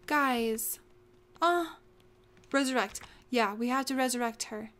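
A young woman hosts a let's play and talks over her gameplay at a computer mic. Her voice sits high, and her delivery is unhurried. She gasps and exclaims often as things happen in the game. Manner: excitable, gasping and exclaiming often. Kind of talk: casual gameplay commentary.

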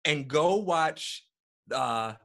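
A man talking as a guest in a casual conversation, animated and acting out quotes as he tells a story, heard over a video call. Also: a little high, very slow, vocal fry. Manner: animated storyteller, acts out quotes, repeats words.

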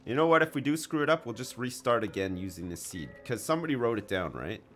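A man's voice: mid-range voice, big pitch swings, quick pace, fairly bright tone, faint music behind. A man casually commenting while he plays a game on a live stream, joking and chatting with his viewers. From Canada.

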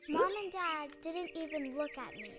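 A woman's voice: high-pitched, animated, normal speed, a bit bright, soft background music. An actress voicing a hungry ten-year-old girl reading out her diary as game narration. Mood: wistful.

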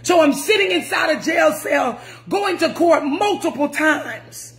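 Brief: woman preacher, high voice, emphatic and repetitive, often shouting. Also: animated, measured pace. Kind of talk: sermon.

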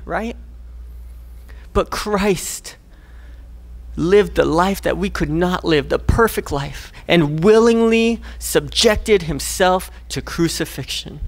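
Young guy giving a sermon at church, earnest, chatty, slightly higher voice, keeps asking right?. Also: slow pace, gravelly. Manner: earnest, conversational, often asks "right?". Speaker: guest preacher.

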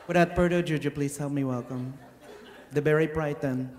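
A man playing a bossy, proud Filipina woman English teacher with a Filipino accent and clipped broken English, loud and scolding, on a comedy stage. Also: a little high, fairly even intonation, moderate pace, background noise, pitched below the performer's own voice, lightly acted. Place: comedy stage before a live crowd. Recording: echoey live stage, loud audience laughter.

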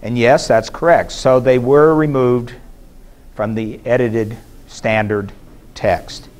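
A man giving a measured, explanatory academic lecture at a conference, pausing now and then with fillers and restarts. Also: medium pitch, steady tone, darkish tone. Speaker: scholar giving a conference presentation. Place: conference hall.

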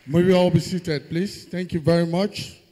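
A man's voice: high voice, steady tone, normal speed, dark tone. A man, the master of ceremonies, politely directing the audience in a formal manner. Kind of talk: formal event hosting. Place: large lecture hall. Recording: hall with long reverb.

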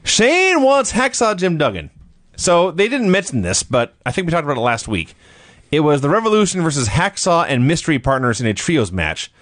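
A man's voice: a little high, big pitch swings, normal speed, fairly bright tone, no echo. A man co-hosting a casual podcast, retelling events in a storytelling way and laughing often. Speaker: podcast co-host. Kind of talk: casual wrestling recap chat.

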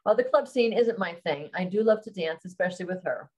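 A woman author reading her own romance novel aloud on a live stream, calm and steady, then chatting to viewers. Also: lowish voice, fast talker, few pauses, poor audio.

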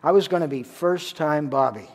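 Canadian-raised pastor preaching, slightly high voice. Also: male voice, normal speed. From Ontario, Canada. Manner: conversational storytelling, rhetorical questions. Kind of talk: sermon. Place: church sanctuary. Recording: long church reverb.

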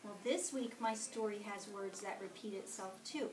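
A woman reading a picture book aloud to a kindergarten class, slowly and expressively, often checking in with the children. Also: medium pitch, a little hiss or hum. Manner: slow and expressive, asking the children questions. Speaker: storyteller. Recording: echoey classroom from far off.

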